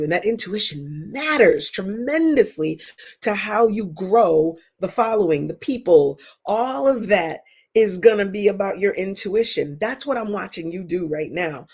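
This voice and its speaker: A woman's voice: fairly low pitch, slightly rough. Woman psychic host, chatty and emphatic, live-stream readings. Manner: chatty, emphatic, animated outbursts. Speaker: psychic reader.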